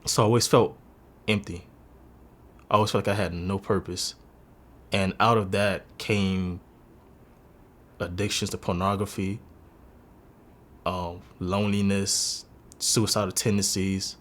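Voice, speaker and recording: A man's voice: low voice, flat delivery, measured pace, pauses often, a bit bright. A man in his twenties telling his own life story in an earnest, confessional and emotional way. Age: 20s. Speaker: interviewee sharing a personal story. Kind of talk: candid personal testimony.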